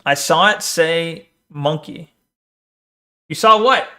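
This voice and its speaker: A man with a high, bright voice riffs casually as a streamer reacting to clips. His talk is crude and profane, full of teasing and quick laughs. The sound is everyday streaming banter.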